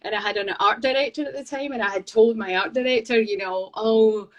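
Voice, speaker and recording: A woman in her fifties with a softened Scottish accent, a guest artist telling her story in a chatty, laughing way over a video call from her studio. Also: on the high side, a little fast, dull audio. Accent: Scottish, slightly softened. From Scotland. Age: 50s. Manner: chatty, laughs between anecdotes. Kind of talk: casual storytelling chat. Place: home art studio.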